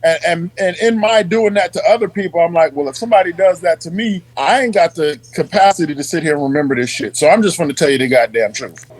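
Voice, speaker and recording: A man's voice: fairly high pitch, fast, hardly any pauses, rough recording. A man, telling profane army stories in a casual chat and acting out the quotes. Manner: profane, animated storyteller who acts out quotes. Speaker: podcast guest.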